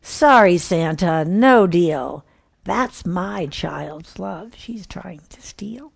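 A woman's voice: lowish voice, animated, very slow, gravelly, a bit bright, husky, full character voice. A woman voicing a harried mother in a comic Christmas poem, wry and exasperated. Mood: firm.

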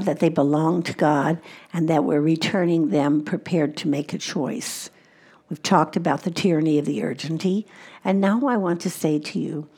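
A woman's voice: on the low side, mellow, husky. A woman speaking at a conference, teaching mothers about Christian parenting in an earnest way and repeating her key points for emphasis.

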